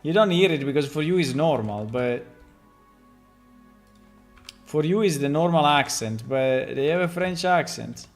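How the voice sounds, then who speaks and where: A man who develops a game, chatting casually and thinking aloud on a stream, amused and relaxed. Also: fairly high pitch, a little slow, long pauses, faint music behind.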